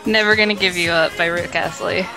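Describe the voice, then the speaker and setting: A woman's voice: fairly low pitch, steady tone, brisk, loud music behind the voice, rough recording. A woman giving an enthusiastic, gushing interview answer. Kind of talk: casual street interview answer.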